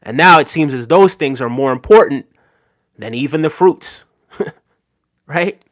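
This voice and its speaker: A man's voice: mid-range voice, moderate pace, no room sound, studio quality. A man hosting a live stream, reading viewers' chat messages aloud and answering them earnestly, often ending with "right?". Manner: earnest, repeats "right?", thanks chatters by name. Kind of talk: casual live chat commentary.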